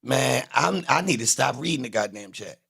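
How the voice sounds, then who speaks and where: A man hosting a livestream, talking in a casual, animated, boastful way full of profane trash talk. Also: medium pitch, moderate pace, gravelly, husky. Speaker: livestream host.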